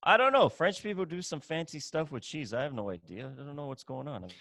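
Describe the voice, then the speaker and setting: A man's voice: a little high, lively intonation, fast, bright, forceful tone, no room sound. A man hosting a podcast, chatting casually in a blunt, profane, joking manner. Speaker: podcast host. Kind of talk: casual chat.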